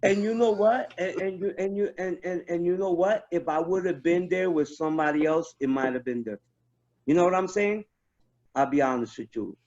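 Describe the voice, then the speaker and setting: A fairly high-voiced man tells stories from his army days in a loose, profane chat, piling on restarts as he goes. The recording sounds dull and lo-fi. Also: a little fast. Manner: profane, animated, many restarts. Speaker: guest, army veteran. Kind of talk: casual storytelling chat.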